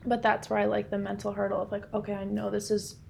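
A young adult woman hosting a casual chat with her mother, telling stories in a quick, lively way and laughing often. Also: medium pitch, vocal fry, slight background noise.

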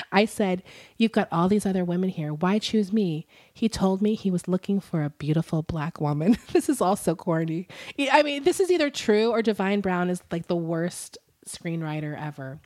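A woman co-hosting a casual podcast, retelling a story with plenty of fillers. Her voice sits a little low for a woman, and she keeps breaking into giggles and quick apologies. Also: darkish tone. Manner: chatty, many fillers like "um" and "like". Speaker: podcast co-host.

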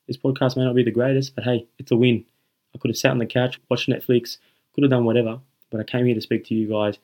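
A man's voice: medium pitch, dull audio. A young man hosting a motivational podcast, talking earnestly and emphatically to his listeners and repeating his key points. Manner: earnest, emphatic and repetitive, addressing listeners as guys. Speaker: podcast host.

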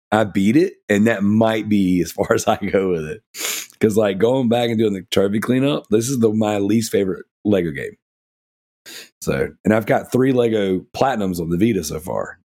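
A man's voice: fairly low pitch, lively intonation, normal speed, a little mellow. A man co-hosting a casual gaming podcast, rambling and enthusiastic, with many fillers like "you know" and "like". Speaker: podcast co-host.

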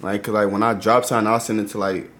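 A man's voice: fairly low pitch, little pitch movement, fast talker, a bit bright. A man talking as a podcast guest, a rapper, in slangy, profane casual chat. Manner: slangy, profane, keeps saying "you feel me" and "bro".

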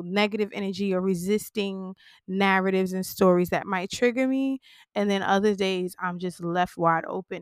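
A woman hosts her own podcast and opens up to listeners in a candid, heartfelt way, calling them y'all. She sounds shaken and close to tears, yet keeps going. Her voice sits at a middle pitch and is recorded dry and close. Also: pushed and bright, clear, resonant tone, no echo. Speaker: podcast host. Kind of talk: personal podcast talk.

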